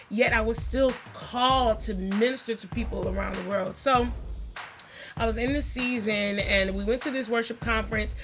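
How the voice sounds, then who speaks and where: A middle-aged woman telling stories in a chatty, animated way as she introduces her family on her vlog. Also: on the high side, normal speed, over music. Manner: animated, chatty, acts out quotes. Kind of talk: casual storytelling vlog.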